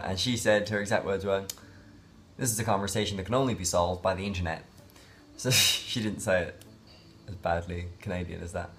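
A man talking in a casual daily vlog, rambling and reflective, with many fillers and restarts. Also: fairly low pitch. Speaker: vlogger.

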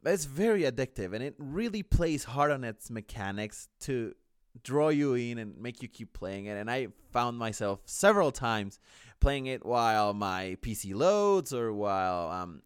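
A man co-hosting a gaming podcast, talking casually and pausing often to search for his words. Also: medium pitch, clean tone, no echo, studio quality. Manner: hesitant, many fillers, searching for words. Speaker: podcast co-host.

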